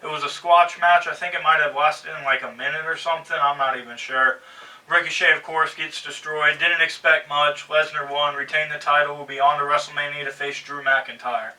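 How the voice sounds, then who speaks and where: Bright-voiced man ranting about wrestling. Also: on the high side, steady tone, fairly quick, recorded from a distance, poor audio. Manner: exasperated, ranting, sarcastic. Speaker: wrestling show host. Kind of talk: casual opinionated commentary.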